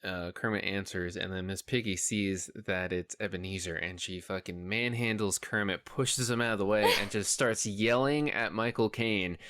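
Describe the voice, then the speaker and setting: Deep-voiced man chatting on a podcast. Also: fairly even intonation, moderate pace, few pauses, fairly bright tone, smooth, no echo, clean studio sound. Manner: rambling, lots of fillers, laughs easily. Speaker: podcast co-host. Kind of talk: casual chat.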